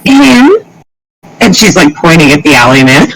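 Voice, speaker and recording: A woman's voice: deep voice, measured pace, rough recording. A woman playing in a tabletop role-playing game, chatting casually and enthusiastically about the adventure. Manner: lively and enthusiastic. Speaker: player.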